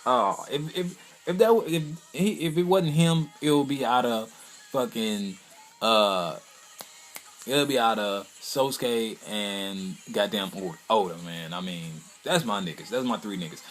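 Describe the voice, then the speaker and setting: A man casually reviewing an anime episode in a rambling, slangy, profane way, now and then breaking into excited bursts. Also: fairly low pitch, measured pace.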